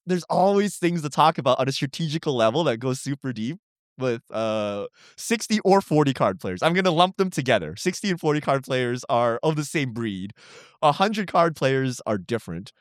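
A man co-hosting a podcast in casual chat, talking fast and opinionated and tagging his points with "right?". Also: mid-range voice, animated, no echo, clean studio sound. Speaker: podcast co-host.

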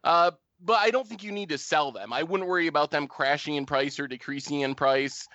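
Bright-voiced man giving measured advice. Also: on the high side, no room sound. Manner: measured, thinks aloud, dry wit. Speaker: podcast co-host giving advice. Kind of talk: casual podcast chat. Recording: dull, dry lo-fi podcast audio.

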